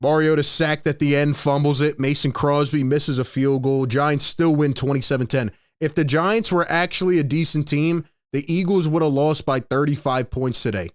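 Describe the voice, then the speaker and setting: A man's voice: fairly high pitch, steady tone, normal speed, few pauses. A young man hosting a live postgame show, ranting in an exasperated, emphatic way and repeating lines for effect. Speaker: sports show host.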